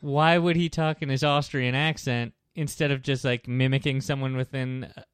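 A man in his thirties co-hosting a movie podcast, skeptical and wry, with quick asides. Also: medium pitch, steady tone, clear, resonant tone, no room sound. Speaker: podcast co-host. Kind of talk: casual chat about movies.

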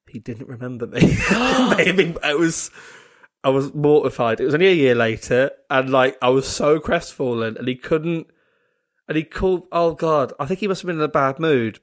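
A man, a comedian, telling a rambling, self-mocking story, full of fillers and laughing often at himself. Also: medium pitch. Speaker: comedian guest. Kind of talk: casual anecdote telling.

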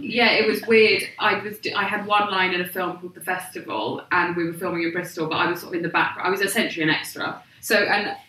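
A woman's voice: fairly low pitch, fairly even intonation, fast talker, few pauses, noisy background. A woman comedian chatting as a guest, rambling and giggly, poking fun at herself. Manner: giggly, rambling, self-deprecating. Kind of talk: casual chat. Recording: echoey live room from far off.

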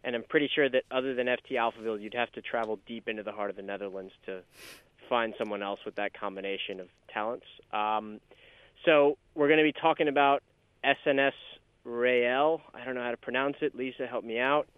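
A man's voice: medium pitch, steady tone, fast talker, smooth, no echo. A man hosting a finance podcast, jokey and upbeat as he introduces the next segment. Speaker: podcast host. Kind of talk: casual podcast chat. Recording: phone-like remote line, dry.

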